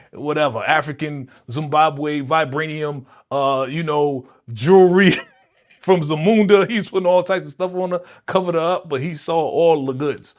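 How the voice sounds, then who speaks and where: A man hosting a live movie reaction stream, talking in a slangy, animated way and exclaiming his disapproval, often repeating himself and speaking straight to his viewers. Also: fairly high pitch. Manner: slangy, addresses viewers directly. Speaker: reaction channel host.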